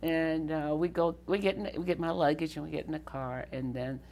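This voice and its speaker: An older woman from the Southern United States tells stories from her youth in an interview. Her low voice has a gravelly edge, and she laughs often and acts out the voices of people she quotes. A faint hum sits behind her. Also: steady tone, fairly quick, darkish tone. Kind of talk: storytelling interview.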